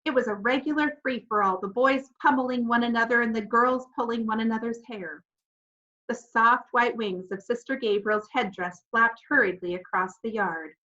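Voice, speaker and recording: A woman narrating a children's novel in first person, animated and expressive, acting out the children's voices. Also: fairly high pitch, normal speed, muffled recording. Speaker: audiobook narrator.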